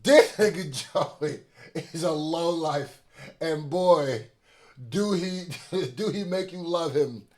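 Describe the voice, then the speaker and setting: A man's voice: on the high side, slow pace, darkish tone. A man hosting a reaction video, talking casually with slangy asides and laughter.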